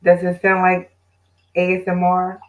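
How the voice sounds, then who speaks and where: A woman's voice: on the low side, completely flat delivery, unhurried, low-quality recording. A woman hosting her own live stream, chatting casually and directly with her viewers. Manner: chatty, talks straight to viewers.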